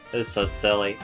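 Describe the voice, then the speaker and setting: A man's voice: fairly low pitch, bright, forceful tone. A young man casually reacting to a show episode, swearing often and laughing a lot. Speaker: reaction video host. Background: episode audio with music.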